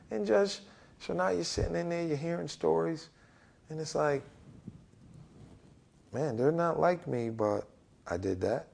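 Middle-aged coach guy, gravelly voice, tells it animated and does everybody's lines. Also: fairly high pitch, a little slow, pauses often. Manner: animated storyteller acting out other people's lines. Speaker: head basketball coach, podcast guest. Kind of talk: candid storytelling in a podcast interview.

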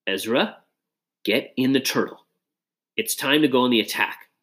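A man's voice: medium pitch, moderate pace, fairly bright tone, lightly acted. A man voicing a bold, commanding young inventor. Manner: firm, decisive orders.

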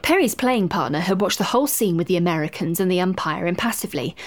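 Female narrator, wry and expressive, lively intonation. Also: fairly low pitch, fast. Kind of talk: storybook narration.

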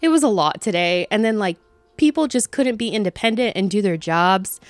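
A young woman candidly venting about her workday in a casual monologue, swearing freely and acting out conversations in lively voices. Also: mid-range voice, normal speed, dry recording. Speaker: vlogger venting about work.

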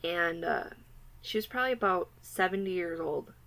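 A woman's voice: on the low side, vocal fry, fairly bright tone, rough recording. A woman, co-hosting a podcast, chatting loosely with lots of fillers. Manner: rambling, lots of "like", quick to laugh. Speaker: podcast co-host. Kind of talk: casual podcast chat.

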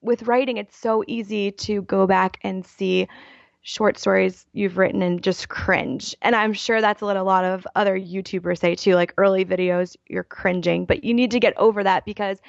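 A woman guest on a podcast, chatting casually and telling stories in a quick, self-deprecating way. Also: medium pitch, steady tone, gravelly, no echo, dull audio. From Baltimore area. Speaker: podcast guest, writer and YouTuber. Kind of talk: casual interview chat.

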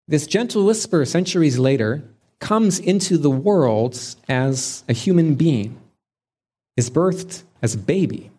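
A man preaching a sermon in a slow, measured, reflective way, pausing often between phrases. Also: fairly high pitch, mellow.

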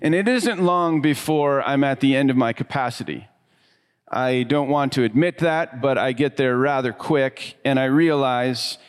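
A middle-aged man giving a sermon in a relaxed, conversational way, telling stories about himself and letting his voice drop softly at the ends of thoughts. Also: mid-range voice, smooth. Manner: conversational, self-deprecating storytelling with soft, trailing pauses. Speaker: pastor.

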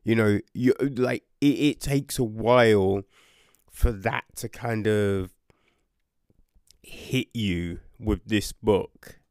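Slow-talking low-voiced man reviewing a book. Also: dry recording, studio quality. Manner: animated, swears and exclaims, many fillers and restarts. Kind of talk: casual book review chat.

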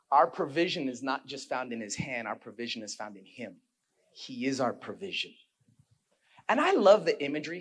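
A male pastor preaching a sermon. He swings from hushed storytelling to shouted preaching and puts rhetorical questions straight to the congregation. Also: medium pitch, husky.

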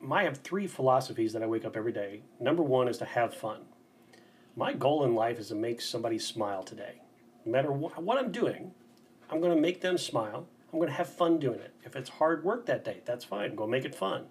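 A man's voice: mid-range voice, animated, fairly quick, husky. A man who guides bike tours, talking as a guest on a casual podcast in an upbeat, enthusiastic, motivational way.

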